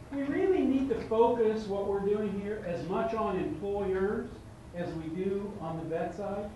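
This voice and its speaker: With a high, slightly mellow voice, a man leads a motivational seminar in front of a live audience, weaving in humor and acting out dialogue as he tells stories. The setting is a large event room, recorded from far away in an echoey hall with faint noise.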